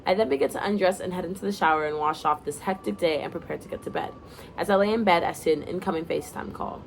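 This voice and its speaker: A woman's voice: fairly low pitch, fast, gravelly, slight background noise. A young woman casually reading her own first-person story aloud, now and then breaking off to comment and apologize.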